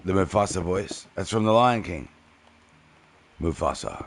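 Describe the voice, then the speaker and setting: A man's voice: low-pitched, expressive, measured pace, a little hiss or hum. A young man streaming a game, chatting casually and answering viewers' messages by name. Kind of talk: casual live-stream chat while gaming.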